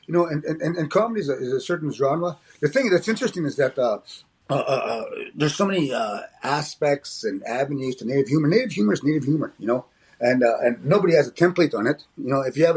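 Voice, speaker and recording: A man's voice: a little high, expressive, fast talker, a little mellow, slightly rough. An older man from Alberta, a comedian and speaker reflecting in an interview, often restarting and tagging lines with "eh?". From Alberta, Canada. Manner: frequent restarts and tag "eh?".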